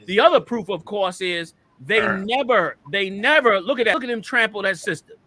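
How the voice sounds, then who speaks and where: A man's voice: sits high, lively intonation, normal speed, sharp tone. A man hosting an online show, giving heated, emphatic commentary over video clips and repeating his points like a preacher. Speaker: host.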